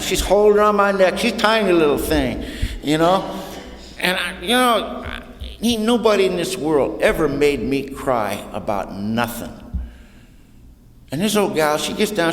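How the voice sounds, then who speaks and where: A man giving a humorous recovery talk to an audience, folksy and plainspoken, telling his story in colloquial speech. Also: mid-range voice. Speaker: recovery meeting speaker. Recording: roomy hall with long echo.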